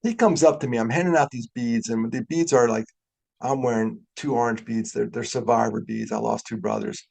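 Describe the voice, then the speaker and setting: An older man giving an animated storytelling talk as a keynote speaker, getting fired up as he goes. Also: medium pitch, brisk, creaky, slightly rough. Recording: webinar audio.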